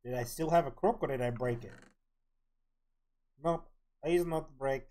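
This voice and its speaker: This is laid-back live-stream talk from a young male gamer who murmurs his plans to himself while playing. His medium-pitched voice is mellow and a bit slow, broken up by long pauses.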